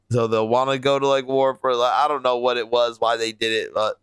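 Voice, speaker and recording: A man in his thirties riffs over a video in a loose, rambling way, full of fillers and casual swearing. His voice is strikingly smooth and crisp, recorded dry and close with no room sound. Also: medium pitch, fairly even intonation, fairly quick, dry recording. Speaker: host reacting to videos. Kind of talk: casual reaction commentary.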